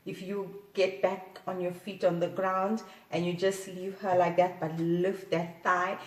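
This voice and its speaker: A woman hosting a playful sex-advice talk, often giggling and letting out drawn-out "ooh"s. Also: lowish voice, recorded from a distance. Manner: giggly, playful, breathy exclamations. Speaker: host. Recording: echoey room, off-mic.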